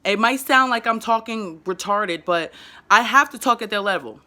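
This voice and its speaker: A woman in her 20s with a New York accent gives parenting advice straight to the camera in a vlog. Her medium-pitched voice is bright, forceful, and animated, and she talks fast and emphatically, tripping over and repeating words.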